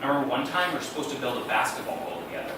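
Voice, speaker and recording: A man telling comic personal stories on stage with a wry, deadpan delivery. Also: medium pitch, very fast, background noise. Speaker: storyteller. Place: theater stage. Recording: echoey room, distant mic, loud background.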